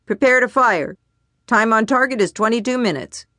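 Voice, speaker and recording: A woman voicing a brash, loudmouthed male military colonel who barks orders. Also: fairly low pitch, moderate pace, no room sound, clean studio sound, lightly acted. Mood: commanding. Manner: barking, commanding.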